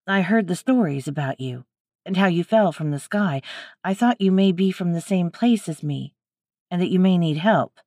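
A woman voicing a tall male explorer who speaks gently and soothingly, trying to calm a stranger. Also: on the low side, normal speed, dry recording, clean studio sound.

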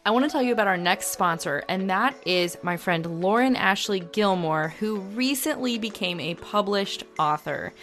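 A woman hosting a podcast who talks in an earnest, conversational way. Her pitch sits in the middle of the range. Faint music plays under her voice. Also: lively intonation, normal speed, hardly any pauses, fairly bright tone. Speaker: podcast host.

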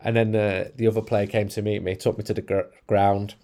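A man's voice: fairly low pitch, flat delivery, fairly quick, dark tone. A man casually telling a dry, wry story about his travels on a football chat show. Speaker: football podcast regular.

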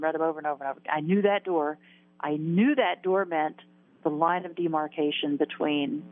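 A woman in her sixties, a guest in an interview, recounting a personal near-death story earnestly and emotionally, repeating words and laughing at herself. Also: deep voice. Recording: tinny phone-line sound.

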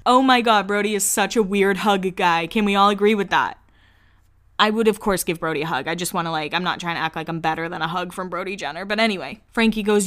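A young woman hosting a podcast, recapping a reality show in a gossipy, casual way with low asides. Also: a little fast, a bit bright. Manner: chatty, gossipy, laughs often, drops into low asides. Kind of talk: casual chat.

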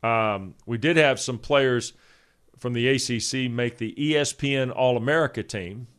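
Brisk male sports radio host. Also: mid-range voice, a bit bright, clear, resonant tone. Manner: brisk, informative, dry humor. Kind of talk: sports radio talk, reading stats.

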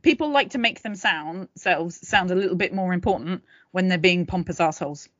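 A woman's voice: on the low side, brisk, fairly bright tone, dry recording. A woman co-hosting a casual history podcast, chatty and full of jokey asides. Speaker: podcast co-host. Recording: slightly dull, dry home mic.

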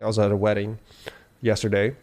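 A man in casual podcast chat, telling a story in animated, slangy bursts with many restarts. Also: lowish voice, a little fast.

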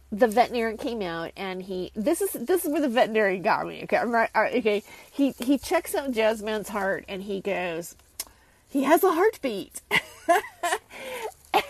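Rambling woman with a gravelly voice. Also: medium pitch, no echo, low-quality recording. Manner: rambling, with many restarts and asides. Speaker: channel host. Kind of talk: casual monologue to camera.

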